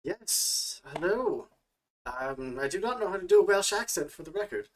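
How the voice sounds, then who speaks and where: A man co-creator speaks haltingly, stumbling over his words, and sounds set back from the microphone. He thanks the game master and welcomes newcomers. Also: high-pitched, expressive, a little hiss or hum. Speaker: co-creator of the show. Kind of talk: casual chat. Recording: distant from the mic.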